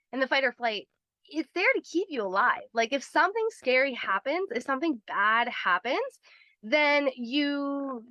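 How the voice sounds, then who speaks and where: A woman's voice: on the high side, bright, forceful tone, dry recording, muffled recording. A woman hosting a live health webinar, explaining in a chatty way, laughing often and acting out little voices as she goes.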